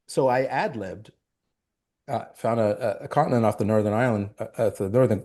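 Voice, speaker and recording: A man's voice: medium pitch, a little fast. A man, an actor guest, telling stories in an interview and acting out quoted lines. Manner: animated storyteller, acts out quotes. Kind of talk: storytelling interview.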